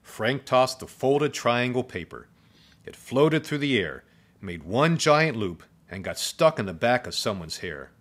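A man reading a children's story aloud in a playful, expressive way. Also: medium pitch, unhurried.

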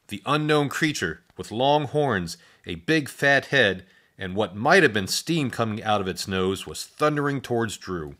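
A man narrating a children's storybook in an expressive, playful read-aloud style with spoken sound effects. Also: lowish voice, measured pace.

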